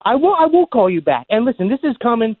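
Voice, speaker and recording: A man's voice: very high-pitched, sing-song, fast, slightly rough, dry recording. A man from New Jersey with a New Jersey accent, calling in to a sports radio show and talking in an insistent, heated way. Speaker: caller. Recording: tinny phone line.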